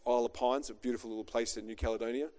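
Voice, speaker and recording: A man's voice: mid-range voice, steady tone, rapid-fire, warm tone. A middle-aged man, a pastor preaching a chatty, joking sermon built on a personal story.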